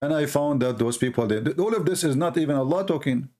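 A man's voice: on the high side, fast talker. Sarcastic man with an Arabic accent. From Middle East. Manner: sarcastic, animated, laughs at his own points. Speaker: Christian apologist. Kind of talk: mocking commentary talk.

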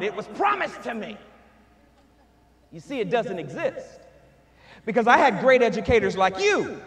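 A man giving a motivational keynote speech, calling out to the crowd and swinging between shouts and hushed tones. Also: very high voice. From Houston, Texas. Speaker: keynote speaker. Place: large hall. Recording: echoey hall with long reverb.

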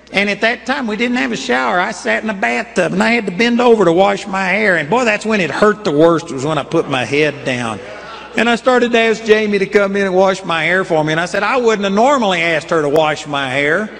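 Older male preacher, high and echoing. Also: fairly quick, gravelly, a bit bright. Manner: earnest, emphatic storytelling. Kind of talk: sermon with personal stories. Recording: long hall reverb.

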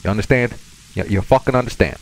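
A man's voice: on the low side, quick pace, slight background noise, natural voice, low-quality recording. A man voicing a swaggering, threatening male stalker in a thick, put-on fake Russian accent during game role-play.

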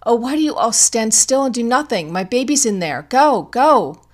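A woman reading an audiobook, voicing a terrified young mother who pleads in high, loud, stammering bursts. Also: unhurried. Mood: frantic pleading. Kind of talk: audiobook character voice.

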